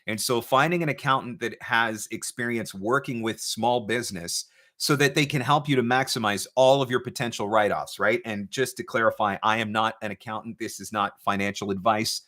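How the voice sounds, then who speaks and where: A man's voice: lowish voice, normal speed, sharp tone. A man hosting a casual advice livestream from his studio, talking conversationally and often repeating words as he restarts. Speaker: voice-over business coach, livestream host. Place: home studio.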